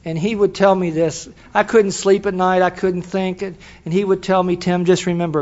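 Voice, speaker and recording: A man's voice: high-pitched, normal speed. An older man telling his story to a recovery meeting in a folksy, storytelling way, laughing now and then. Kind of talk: personal testimony. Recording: dull lo-fi recording.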